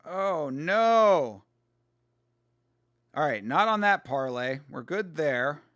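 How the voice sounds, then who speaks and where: A young man hosts a live fight watch-along, swearing freely, reacting loudly and calling out viewers in the chat by name. His voice sits a little high. It is recorded dry on a close mic with no room sound. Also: sing-song, slow pace, no room sound. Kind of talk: casual live-stream chat.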